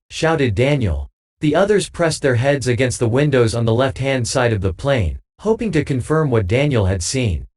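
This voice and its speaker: Lively male audiobook narrator. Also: mid-range voice, moderate pace. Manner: reads with lively dialogue voices.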